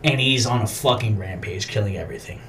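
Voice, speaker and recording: A man's voice: fairly low pitch, quick pace, fairly bright tone, slight background noise. A man co-hosting a podcast, casually retelling a film scene in a profane, rambling way. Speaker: podcast co-host. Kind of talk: casual chat.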